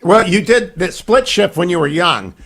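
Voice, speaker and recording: Bantering man in his sixties, raised pitch. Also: animated, normal speed, vocal fry, fairly bright tone. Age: 60s. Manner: jokey and bantering. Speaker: radio host. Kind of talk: talk radio hosting.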